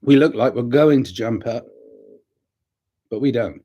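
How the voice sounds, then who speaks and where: A man talking to camera in a rambling, reflective way, telling stories and giving gentle advice. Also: medium pitch, measured pace, muffled recording. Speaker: vlogger. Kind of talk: casual talking-to-camera monologue.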